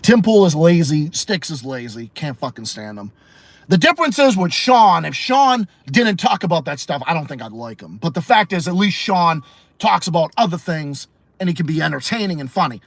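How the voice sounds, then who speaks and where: A blunt, foul-mouthed man with a Massachusetts accent holds forth on his livestream podcast, answering chat as he goes. His voice sits slightly high and leaps around animatedly. The sound is dry and close, with no room around it. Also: sing-song, normal speed, no echo. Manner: profane, blunt and opinionated. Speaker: podcast host.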